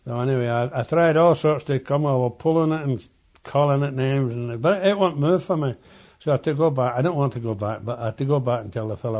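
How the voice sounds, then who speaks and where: An older man, a former coal miner, reminiscing in an oral history interview, halting and often repeating words as he tells his stories. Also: mid-range voice, darkish tone.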